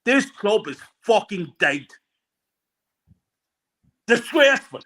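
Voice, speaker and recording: Angry man in his forties, very high voice, swearing, ranting fan. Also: very animated, slow, pushed and bright, low-quality recording. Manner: furious, swearing, emphatic. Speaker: guest fan. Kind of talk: angry fan rant on a live stream.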